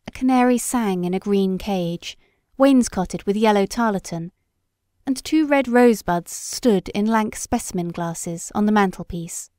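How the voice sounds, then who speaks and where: A woman narrates a classic story in a measured, steady voice at a mid pitch. The recording is dry and close, with no room sound around her. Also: dry recording. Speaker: audiobook reader. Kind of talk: scripted literary narration.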